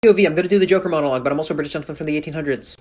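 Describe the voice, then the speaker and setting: A synthetic text-to-speech voice rattles off on-screen captions at a breakneck pace. It sits at a middling pitch and reads in a flat, announcing manner. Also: very fast. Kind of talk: rapid automated caption reading.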